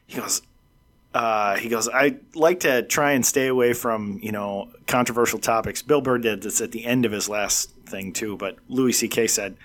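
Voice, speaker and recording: A man's voice: mid-range voice, animated, normal speed, a bit bright. Chatty man retelling comedy bits. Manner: retells comedy bits, acts out quotes with laughs. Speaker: talk show co-host. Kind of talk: casual political chat.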